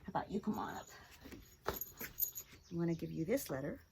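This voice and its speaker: A female teacher leads a phonics lesson for children, speaking clearly and encouragingly and breaking into song along with the kids. Her voice sits low and has a sing-song lilt, her pace is a little fast, and there's background noise.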